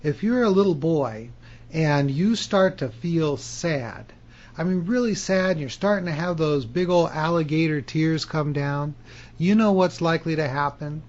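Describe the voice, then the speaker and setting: A man with a slightly raised voice talks straight to camera as a self-help author. His telling is animated and emphatic. The sound is dull and lo-fi. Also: on the high side, unhurried. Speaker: author and hypnotherapy teacher. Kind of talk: self-help video monologue.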